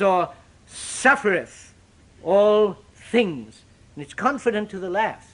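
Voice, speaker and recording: An older man preaching a sermon, with dramatic, sweeping shifts in pitch and loudness. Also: animated, slow pace, pauses often.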